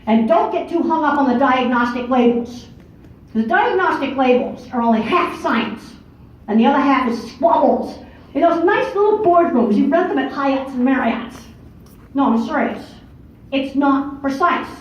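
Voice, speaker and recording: A woman's voice: high-pitched, expressive, normal speed. An older woman giving a conference talk in a blunt, matter-of-fact, emphatic way, heard from a distance in a large lecture hall. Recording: far-off echoey hall, dull lo-fi audio.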